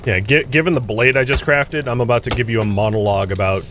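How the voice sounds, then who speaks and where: Gaming host guy, chatty, thinks out loud, talks right to his viewers, faint noise behind. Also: medium pitch, quick pace. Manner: chatty, thinks aloud, chuckles often; addresses viewers directly. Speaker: let's play host. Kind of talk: casual gameplay commentary.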